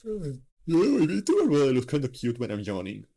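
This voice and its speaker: A man's voice: medium pitch, wildly swooping pitch, moderate pace, dark tone. A man hosting a live stream, chatting casually in a rambling, self-mocking way with lots of fillers. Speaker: streamer host.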